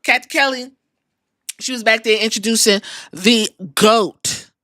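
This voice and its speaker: A woman's voice: fairly high pitch, slow, fairly bright tone, no room sound, clean studio sound. A woman podcast host giving a sassy, profane, chatty recap of a wrestling show.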